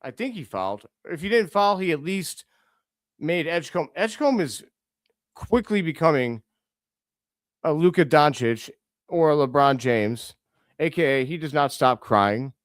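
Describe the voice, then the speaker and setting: Here a young man's slightly high voice, with no echo, carries a live basketball reaction stream. Excitable, he calls the action, tells players off out loud, and fixes his own slips quickly.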